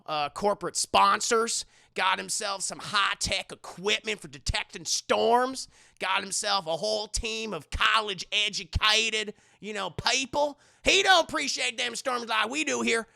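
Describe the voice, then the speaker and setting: A young man recapping a movie to his stream chat in an animated, profane way, acting out the characters. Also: sits high, a little slow, creaky. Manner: animated, profane, acts out characters in mock voices.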